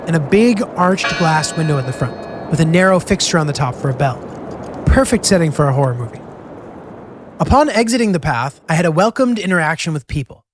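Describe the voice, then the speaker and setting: A young man from the United States narrating his road trip in a casual, self-deprecating way, full of "like" and asides. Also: on the high side. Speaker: travel vlog narrator. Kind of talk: scripted travel narration.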